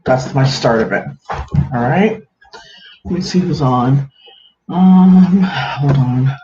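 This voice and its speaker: Working at a counter during a home livestream, a host chats casually and greets viewers by name, speaking slowly in a mid-range voice. Expect an echoey room, muffled lo-fi audio and faint hiss.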